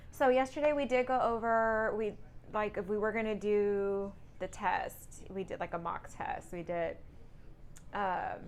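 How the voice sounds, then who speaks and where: Woman rambling casually in a vlog, keeps restarting herself, average pitch, little bit of noise. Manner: rambling, self-correcting, talks to herself. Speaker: truck driving student.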